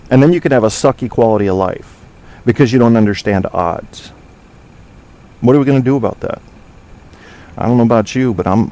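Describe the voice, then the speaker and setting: A man's voice: on the low side, dark tone. A man hosting a casual talk show from his studio, rambling through provocative, joking banter with plenty of fillers. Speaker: podcast host. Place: home studio.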